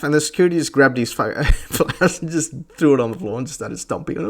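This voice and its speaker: A man's voice: medium pitch, very animated, a little fast, gravelly. A young Australian man ranting crudely and sarcastically on a casual podcast, cutting in with mocking voices. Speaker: podcast host. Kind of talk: casual rant.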